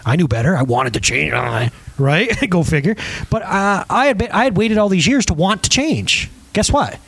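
A middle-aged man preaching a sermon, animated and joking, with big swings between high and low. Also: normal speed, creaky, no echo. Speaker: pastor.

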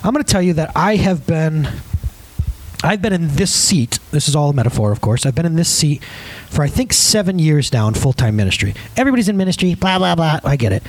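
A man's voice: a little high, sing-song, a little fast, low-quality recording. A male pastor preaching a conversational sermon, emphatic, often asking the congregation questions.

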